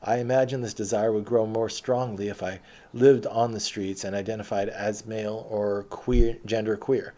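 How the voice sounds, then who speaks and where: A man's voice: fairly low pitch, level tone, normal speed, dark tone. A man reads his old posts aloud and comments on them in a rambling, blunt and profane way. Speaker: former protester recounting his past.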